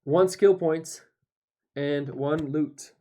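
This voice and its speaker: Higher-voiced man coaching a board game. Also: fairly even intonation, drawn-out words, warm tone. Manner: counts dice aloud, coaches his partner. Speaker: board game player explaining rules. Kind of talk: casual tabletop playthrough chat.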